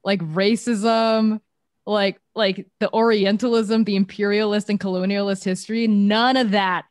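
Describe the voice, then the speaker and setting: A woman's voice: medium pitch, little pitch movement, unhurried, dry recording, clean studio sound. Emphatic young woman on a panel. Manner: emphatic, casual, heavy use of filler words. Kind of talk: panel discussion.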